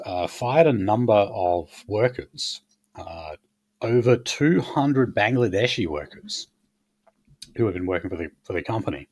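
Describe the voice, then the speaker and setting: A man's voice: lowish voice, a little mellow. A man hosting a casual political chat, blunt and crude, rambling with many fillers. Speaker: podcast host.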